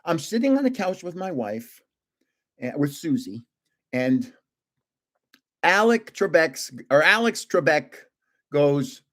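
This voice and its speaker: Slow and very animated, with long pauses and a slightly high voice, an older man hosts a relaxed trading card stream. He rambles through anecdotes, fixing his own words and chuckling often.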